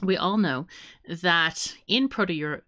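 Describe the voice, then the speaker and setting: A woman's voice: on the low side, slow pace, fairly bright tone, no echo, studio quality. A woman co-hosting a podcast in playful casual chat, rambling through guesses and laughing often. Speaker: podcast co-host.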